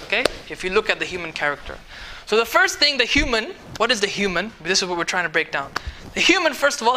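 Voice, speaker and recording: Guy teaching a relaxed religion class, bright clear voice, keeps asking does that make sense. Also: high-pitched, slight background noise. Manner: conversational, keeps checking the class understands; mixes in Arabic words and phrases. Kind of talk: casual tafsir lesson to a small group.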